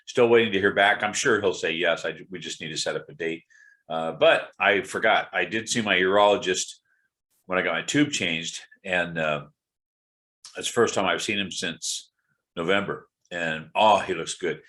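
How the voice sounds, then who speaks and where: A middle-aged man with a very low voice talks through a casual personal update. He sounds congested and tired, rambling candidly with frequent fillers and restarts. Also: fairly bright tone. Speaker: video blogger.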